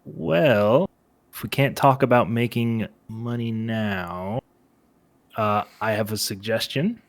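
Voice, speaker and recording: Slow, low-voiced male player. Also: dry recording. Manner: apologetic, slightly distracted.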